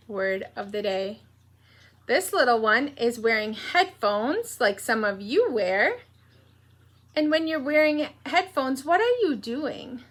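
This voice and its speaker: Woman, early-childhood teacher, high voice, slow sing-song delivery, asks young children questions, recorded at home. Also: bright, forceful tone. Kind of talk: read-aloud morning meeting for young children. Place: home room.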